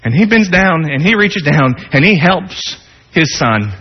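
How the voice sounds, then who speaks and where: High husky male pastor telling a story in a sermon, dramatic ups and downs, dull echoey church sound. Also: animated, unhurried. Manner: dramatic, swings between soft low tones and rising emphasis. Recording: dull, long-reverb hall sound.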